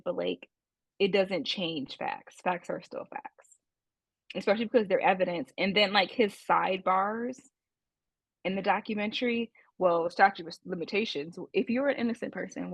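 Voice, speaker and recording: A woman's voice: mid-range voice, steady tone, moderate pace, husky, dry recording. A woman co-hosting a podcast, talking casually and questioning, with many fillers. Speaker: podcast co-host.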